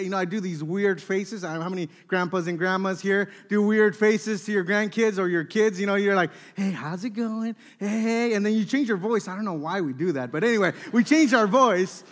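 High-voiced man preaching a lively sermon. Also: fairly quick, hardly any pauses. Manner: lively storytelling, acting out family dialogue. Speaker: pastor.

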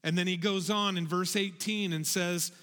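A man giving a children's sermon in an animated way, getting the kids to repeat phrases back to him. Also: high-pitched, normal speed. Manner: animated, calls for audience repetition. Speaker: children's pastor. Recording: long hall reverb.

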